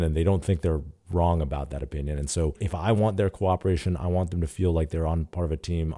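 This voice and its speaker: A man's voice: sits low, mellow. A man guest telling a candid story in an interview, animatedly acting out quoted dialogue and swearing casually. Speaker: startup CEO guest.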